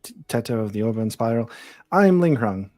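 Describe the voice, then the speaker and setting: A man's voice: mid-range voice, expressive, moderate pace, darkish tone, dry recording, clean studio sound. A man playing a tabletop game in character, curt and insistent. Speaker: player.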